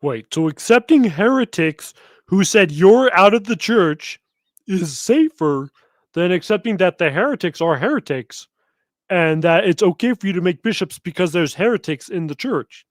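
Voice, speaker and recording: Lively, sarcastic commentary host. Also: medium pitch, moderate pace, no room sound, studio quality. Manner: mocking, laughing, animated.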